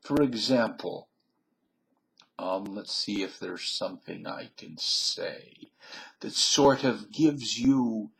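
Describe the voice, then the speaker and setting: Slow, drawling Southern man in his fifties. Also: lowish voice, expressive, poor audio. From Southern United States. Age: 50s. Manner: meandering, folksy storyteller, drawn-out phrases. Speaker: video blogger. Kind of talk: casual rambling monologue.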